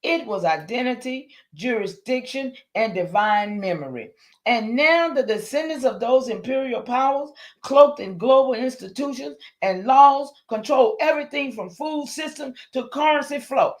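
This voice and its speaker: A middle-aged woman preaches on a livestream in a high voice. She talks straight to her viewers, excitable and insistent. Often she breaks into shouts. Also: moderate pace. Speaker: livestream host. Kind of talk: impassioned livestream talk.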